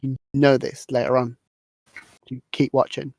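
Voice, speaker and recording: A man hosting a podcast, recapping a film in a rambling, halting way. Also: medium pitch, level tone, gravelly, darkish tone, no room sound. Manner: rambling, halting, restarts words. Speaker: podcast host. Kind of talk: casual movie recap chat.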